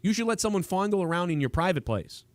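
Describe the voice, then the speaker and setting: Fast, rambling man hosting a stream. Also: high voice, animated, no echo. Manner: rambling, with frequent restarts and trailing thoughts. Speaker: livestream host. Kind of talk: casual political chat.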